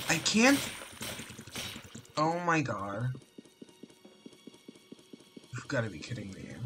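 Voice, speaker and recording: Gameplay commentator, mumbly, swings up and down in pitch, slow unhurried delivery, faint game music behind. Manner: mumbles, trailing off; frequent exasperated exclamations and swearing. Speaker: Roblox gameplay streamer.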